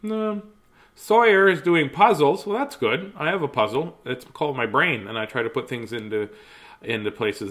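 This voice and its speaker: A man's voice: on the high side, lively intonation, normal speed, pushed and bright. A middle-aged man, chatting casually and greeting viewers by name at home before reading a children's book aloud. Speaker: children's book reader on a livestream.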